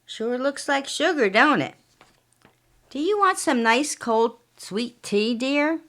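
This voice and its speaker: A quiet older husband with a falsely sweet, syrupy politeness, as a woman narrator voices him. He coos his lines gently, sly under the courtesy, like a character in a read-aloud mystery. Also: high voice, animated, takes it slowly, pitched above the performer's own voice, full character voice.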